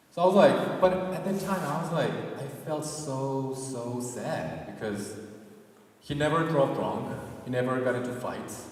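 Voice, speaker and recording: A man's voice: medium pitch, lively intonation, moderate pace, darkish tone, far from the mic. Young man telling a story in an echoey hall. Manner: casual, conversational, many "like" fillers. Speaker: performance artist. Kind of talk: live storytelling performance. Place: gallery performance space.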